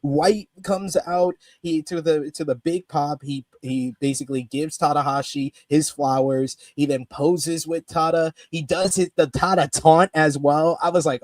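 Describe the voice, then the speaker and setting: Man, podcast co-host; high-pitched, excitable, profane storyteller, dry recording. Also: unhurried, few pauses, dry recording. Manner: animated, profane, laughing storyteller. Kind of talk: excited event recap.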